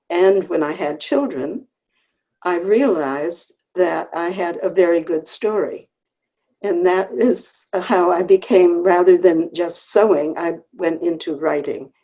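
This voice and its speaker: A woman in her eighties from Connecticut, an author recalling her family's story in an unhurried, earnest way over a video call, with pauses and restarts. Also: lowish voice, mellow, poor audio. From Connecticut, USA. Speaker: author, interview guest. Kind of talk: reminiscing conversational storytelling.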